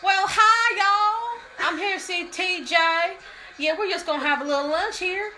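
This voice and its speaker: Girl putting on a high bright southern cowgirl drawl, hollering and giggly. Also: moderate pace, slight background noise. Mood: hearty, giggly. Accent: Southern US put on. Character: loud folksy cowgirl, cheery and rowdy.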